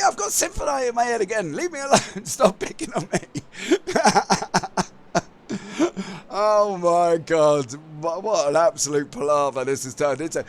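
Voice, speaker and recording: A man hosting a live sim racing stream, chatting with his viewers and laughing at himself, tired after a long day. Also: high voice. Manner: chatty, laughing, self-mocking. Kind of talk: live stream commentary and chat.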